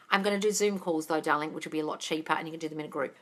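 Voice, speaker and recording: A manifestation coach in her thirties answers viewer questions on a live stream, chatty and quick to laugh, swearing casually and calling viewers darling. Her voice is low-pitched with fairly even intonation, recorded on a phone.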